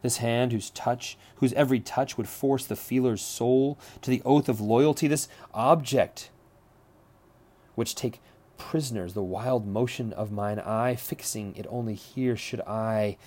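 A man reading the lines of a scheming, smooth-talking Italian nobleman, delivering old verse in a measured way. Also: mid-range voice, dark tone, lightly acted. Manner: reads verse aloud plainly, measured.

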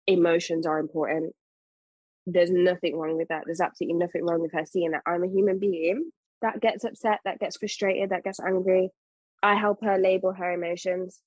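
Mother as podcast guest: earnest, emphatic woman with a lowish, breathy voice. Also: darkish tone, no echo, rough recording. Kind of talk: casual podcast conversation.

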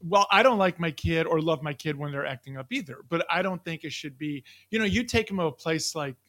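Joking middle-aged man, slightly high voice. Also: animated, a little fast, sharp tone. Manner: joking, teasing. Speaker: podcast co-host. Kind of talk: casual chat.

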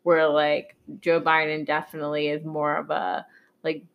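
A woman's voice: deep voice, monotone, normal speed, highs cut off. A woman co-hosting a podcast in a loose, casual chat, with lots of fillers. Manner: laid-back, filler-heavy talk. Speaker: podcast co-host.

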